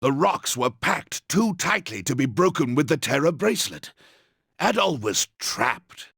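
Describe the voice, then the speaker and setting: A calm game narrator, husky and dry, measured storytelling. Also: male voice, fairly high pitch, no echo, exaggerated voice. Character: adult male storyteller narrator.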